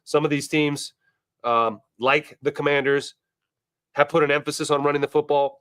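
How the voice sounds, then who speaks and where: A man hosting a casual sports show, animated and wisecracking, talking straight to his viewers. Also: on the high side, moderate pace, clear, resonant tone, dry recording, studio quality.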